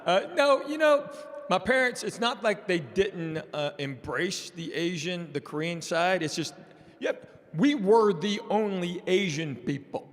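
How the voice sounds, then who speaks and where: A man's voice: high-pitched, measured pace, big-room sound. A man in his sixties from East Tennessee telling funny stories as an interview guest. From East Tennessee, USA. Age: 60s. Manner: joking, animated storyteller. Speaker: comedian guest. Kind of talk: casual storytelling interview.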